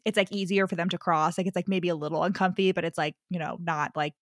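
A young woman co-hosting a podcast, retelling a story in lively casual chat, full of filler words and freely swearing. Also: fairly low pitch, fast, dry recording, studio quality. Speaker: podcast co-host.

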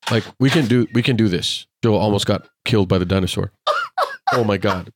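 A man's voice: lowish voice, a little fast, a little hiss or hum. A man, a former police officer and podcast guest, telling casual stories and acting out the lines of the people in them. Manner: acts out quoted dialogue in lively anecdotes. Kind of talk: casual storytelling in conversation.

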